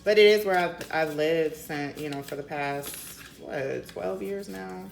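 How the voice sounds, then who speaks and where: Low-voiced swearing tarot reader woman. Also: a little slow, creaky, reverberant, background noise. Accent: slight Maryland. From Denver. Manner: chatty, swears freely, lots of fillers. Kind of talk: casual tarot reading.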